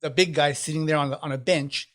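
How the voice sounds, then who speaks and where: A man's voice: fairly high pitch, fairly even intonation, quick pace, a bit bright. A man narrating as game master in a casual, chatty way. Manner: loose, chatty narration with voiced lines for figures.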